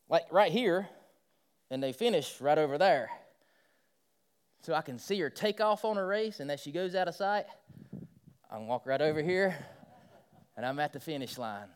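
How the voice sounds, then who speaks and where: A preacher with a high, clear, ringing voice. He tells stories softly, then climbs into loud, rising exhortation from the pulpit. Middle-aged, folksy and earnest. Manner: builds from quiet storytelling to loud preaching. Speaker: pastor. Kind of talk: sermon.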